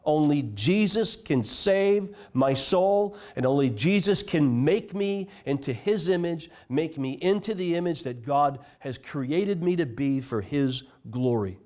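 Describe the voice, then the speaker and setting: A man delivers a church sermon, his voice pitched a little high. He reads scripture aloud and presses on its key phrases with earnest, deliberate emphasis. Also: lively intonation, warm tone. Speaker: pastor.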